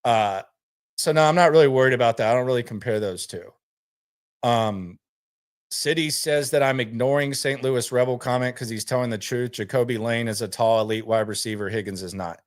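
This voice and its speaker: This man hosts a relaxed sports stream in a podcast style, wandering from point to point and doubling back on words as he starts over. He talks briskly in a mid-range voice.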